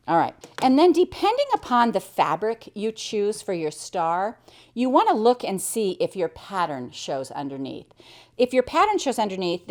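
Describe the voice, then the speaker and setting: American woman, middle-aged, quilting tutorial, chatty and cheerful, fairly low voice. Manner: chatty, cheerful step-by-step explaining. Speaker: quilting teacher. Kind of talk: hands-on sewing tutorial.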